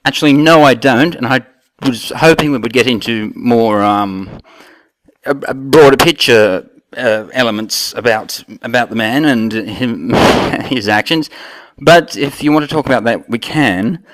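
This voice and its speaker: A man's voice: medium pitch, unhurried, fairly bright tone, dry recording, rough recording. An Australian man hosting a mock talk show, rambling and trailing off between fillers. His voice sits mid-range. The recording is dry and close. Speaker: host.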